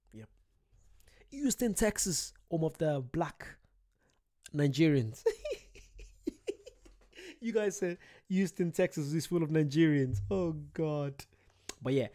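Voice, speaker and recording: Chatty guy streaming at home late at night, mellow voice, reading out viewer names. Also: mid-range voice. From United Kingdom. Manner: chatty, greets viewers by name, laughs often. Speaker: channel host. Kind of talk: casual live-stream chat.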